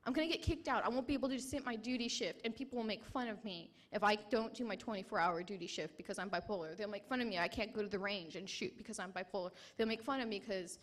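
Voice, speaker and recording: A young adult woman, a military veteran with a mid-range voice, gives a personal testimony at a conference, speaking emotionally and haltingly with many restarts.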